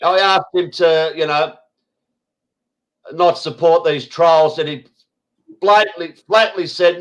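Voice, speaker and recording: Brief: Aussie male host, blunt and irritable, swears freely, slightly high voice, video call. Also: slow, long pauses, rough recording. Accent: Australian. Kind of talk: casual online roundtable chat.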